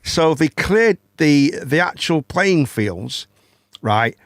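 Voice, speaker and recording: A man's voice: on the high side, very animated, slow, dry recording, studio quality. A man, hosting a casual chat and telling a long story, rambling, swearing and repeating words. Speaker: host.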